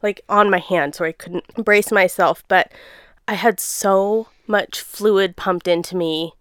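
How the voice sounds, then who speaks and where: A young woman recounting her experience in a relaxed, animated chat. Her voice is smooth and clear at a middle pitch. The sound is dry and close. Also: slow, no echo. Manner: chatty, laughing, animated storytelling. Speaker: guest sharing birth story. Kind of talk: casual chat.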